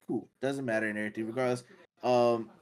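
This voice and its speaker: A man's voice: medium pitch, quick pace. A man co-hosting a casual gaming podcast, rambling with many fillers and restarts. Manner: rambling, filler-heavy, animated when excited. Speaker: podcast co-host.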